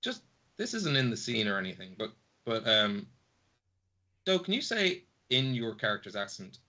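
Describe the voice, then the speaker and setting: A man's voice: lowish voice, sing-song, moderate pace, bright, forceful tone, dull audio. A man, playfully narrating as game master of a tabletop game. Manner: playful, rambling, laughs often.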